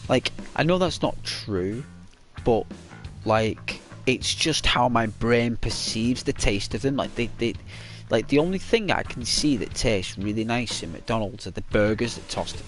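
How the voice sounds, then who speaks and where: Male streamer, casual rambling chat, mid-pitched voice, faint music underneath. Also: lively intonation, measured pace. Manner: rambling, full of fillers.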